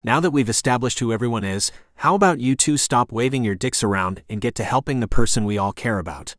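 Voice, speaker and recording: A man's voice: mid-range voice, fast talker, a bit bright, dry recording, clean studio sound, natural voice. A man voicing a blunt young woman who keeps the peace in a bossy, exasperated, no-nonsense way, read from an audiobook.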